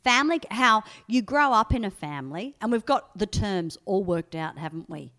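A woman's voice: mid-range voice, lively intonation, moderate pace, fairly bright tone. A woman co-hosting a family podcast, talking in a sing-song way in casual chat. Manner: sing-song, hums and sings a lot. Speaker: podcast co-host.

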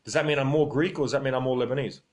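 An Australian man talks casually into his phone on a livestream. He rambles from one point to the next and reads out viewer comments as they come in. His voice sits in an ordinary middle pitch for a man. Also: racing.

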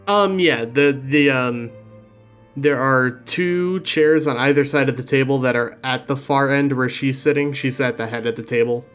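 A male game master narrating a tabletop game in a relaxed, plain way. His voice sits at a middling pitch. Faint music plays in the background. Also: moderate pace, clean tone.

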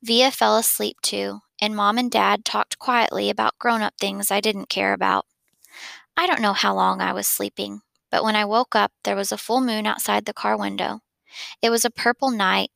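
A woman reads a children's novel aloud with gentle storytelling. Her voice carries a strong gravelly fry, and the recording is close and dry, with no room around it. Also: medium pitch, no room sound. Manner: gentle storytelling, with small slips and restarts. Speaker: reader.

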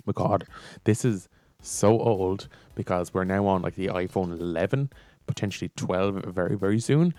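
A man's voice: low-pitched, moderate pace, dark tone, dry recording. Young guy cracking up reading old texts, dry close sound, faint music under. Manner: giggly, reads texts aloud with amused commentary. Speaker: co-host reading funny texts. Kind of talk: casual chat.

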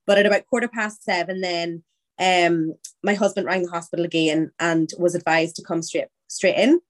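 A woman's voice: lowish voice, fairly even intonation, moderate pace. A woman, a podcast guest candidly telling her story in casual, chatty conversation. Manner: candid, chatty, quotes her own thoughts aloud.

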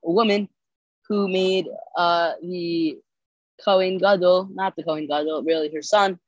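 A podcast host reading the daily Talmud page aloud and translating it line by line, halting with many fillers and self-corrections, sleepy and yawning. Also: medium pitch, steady tone, dry recording, muffled recording.

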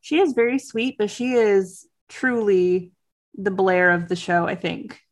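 A woman co-hosting a relaxed watch-along chat. Her pitch is in the middle range for a woman. She makes dry, teasing remarks about what she is watching. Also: measured pace. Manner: wry, teasing commentary. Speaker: co-host watching a show along with listeners.

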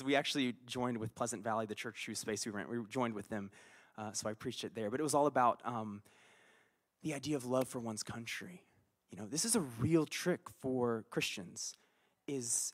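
A man preaching a conversational sermon, telling a personal story with animated swings between quiet asides and loud bursts. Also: mid-range voice. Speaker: pastor.

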